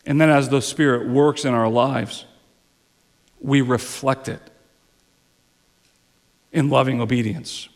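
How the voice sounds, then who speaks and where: A male pastor preaching a sermon, swelling up into emphatic high passages and dropping to soft, low phrases, sometimes repeating words as he restarts. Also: fairly even intonation, takes it slowly, pauses often, long reverb tail.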